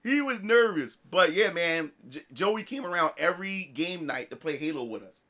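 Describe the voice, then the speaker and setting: A man telling a story to his livestream audience in a casual, animated way, swearing often and restarting his sentences. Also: fairly high pitch, moderate pace. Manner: animated, profane, full of restarts. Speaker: streamer.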